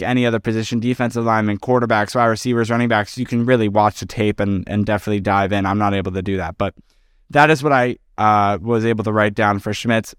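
A man's voice: on the low side, clean tone, dry recording, studio quality. A tired man co-hosting a casual sports podcast, giving analysis with many fillers. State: tired, yawning. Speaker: podcast co-host.

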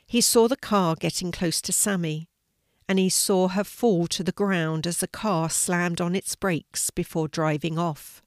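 An older woman, a grandmother, gently reading a children's story aloud. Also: on the low side, steady tone, unhurried, dry recording, studio quality.

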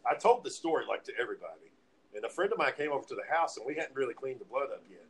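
Man, casual storytelling, swears a lot, acts out quotes, mid pitch, faint background noise. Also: very fast, low-quality recording. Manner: profane, animated retelling with acted-out quotes. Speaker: storyteller among friends.

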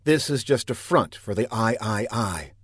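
A man's voice: fairly low pitch, expressive, unhurried, husky, no room sound, studio quality. A man voicing a cold, sneering female secret agent who gives clipped commands.

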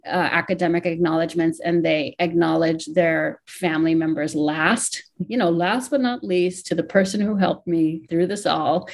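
A woman in her forties from Hawaii, an author talking candidly and with emotion in an interview, thinking aloud as she goes. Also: lowish voice. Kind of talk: interview, reflective talk.

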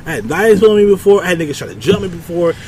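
A man telling a rambling, profane story in a casual chat, acting out quotes in a loud, high voice. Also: sing-song, quick pace, a little hiss or hum. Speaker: podcast co-host telling a story.

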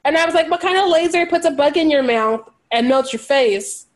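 A woman co-hosting a podcast, recapping a movie in casual chat with sarcastic, animated jokes and frequent laughter. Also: sits high, brisk. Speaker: podcast co-host.

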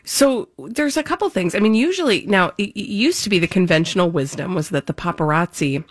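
A woman co-hosting a chat podcast with a somewhat low voice, talking in a chatty, knowing way. She sounds confident. The recording is dry and close. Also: animated, fairly quick, dry recording. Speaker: podcast co-host. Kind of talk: casual chat.

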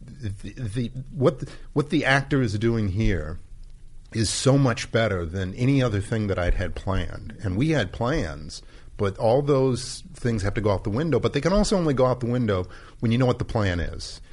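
A man's voice: medium pitch, lively intonation, normal speed. A man, a director, reflecting in casual chat, rambling with many restarts.

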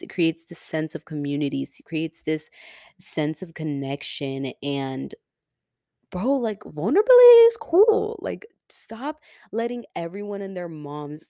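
With a deep voice captured in a dry, clean studio recording, a young woman talks through a casual solo podcast she hosts. Her delivery is animated and chatty, heavy on "like" and swearing, and she gets emotional, almost crying.

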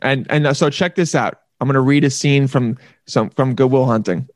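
A man in casual chat, playful and animated, often slipping into silly voices mid-story. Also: medium pitch, normal speed, dry recording, studio quality. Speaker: actor.

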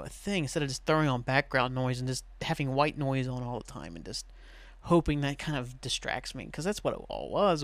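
A man's voice: mid-range voice, a bit bright, dry recording. A young man hosting a podcast in casual, rambling chat, laughing often and swearing now and then. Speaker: podcast host.

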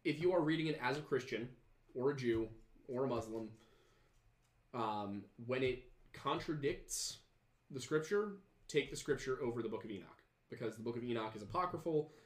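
A man's voice: medium pitch, animated, normal speed, echoey room. A man hosting a podcast, chatting casually and reading viewer comments, rambling with many fillers and restarts. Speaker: podcast host.

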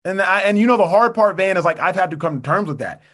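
A young man guest on a podcast, making his case in a measured, earnest way with precise wording. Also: high-pitched, expressive, fairly bright tone. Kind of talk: casual debate.

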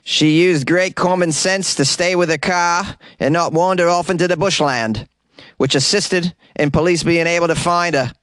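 Overdone Australian cop, male, calm officialese, pitched up high, a man doing the voice. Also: moderate pace, no echo, studio quality, natural voice. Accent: put-on Australian. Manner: exaggerated mock accent, higher than his own voice.

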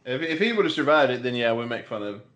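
A man's voice: medium pitch, sing-song, very fast, a bit bright, lo-fi sound. A man co-hosting a casual comedy podcast, joking and swearing freely. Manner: profane, joking, slips into a put-on Boston voice for stories. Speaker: podcast co-host.

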